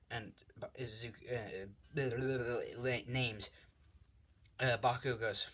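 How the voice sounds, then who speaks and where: Young male storyteller, improvised and rambling, filler-heavy, middle pitch. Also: fairly even intonation, moderate pace, fairly bright tone. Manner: rambling, lots of fillers and swearing. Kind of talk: casual improvised fan story.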